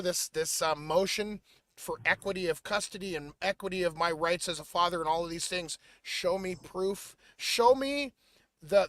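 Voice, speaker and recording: A man's voice: high-pitched, no echo. A man co-hosting a podcast, talking casually and retelling stories dramatically. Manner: animated, dramatic storytelling. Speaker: podcast co-host.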